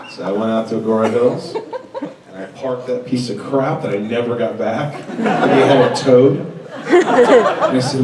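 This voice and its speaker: A man's voice: mid-range voice, very animated, moderate pace, very noisy. A man in his thirties telling comedic stories at a fan convention Q&A, joking and acting out the people in his stories. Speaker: actor answering fan questions on a panel. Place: large convention hall with audience. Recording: echoey convention hall from far off, loud crowd.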